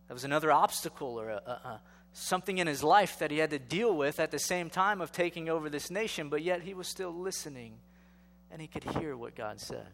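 A man's voice: fairly high pitch, expressive, fairly quick, vocal fry, fairly bright tone, in a large hall. A male pastor giving a sermon in a conversational style, asking rhetorical questions and building to emphatic exhortation.

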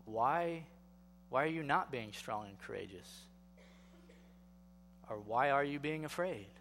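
A man's voice: mid-range voice, animated, slow pace, fairly bright tone, long reverb tail, slight background noise. A male pastor giving a sermon in a conversational style, asking rhetorical questions and building to emphatic exhortation.

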